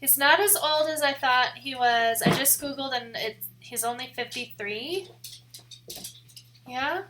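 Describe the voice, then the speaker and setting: A young woman from the American Midwest, chatting casually on a live stream in a rambling way, full of "like" and quick laughs. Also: high voice, noisy background. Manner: chatty and rambling, heavy use of "like", laughs often. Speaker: photography streamer.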